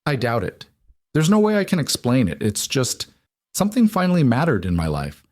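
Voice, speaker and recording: A man's voice: mid-range voice, wildly swooping pitch, normal speed, darkish tone, voice pushed up. A man voicing an insecure adult husband who confesses hesitantly and apologetically in an audiobook. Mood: confessional.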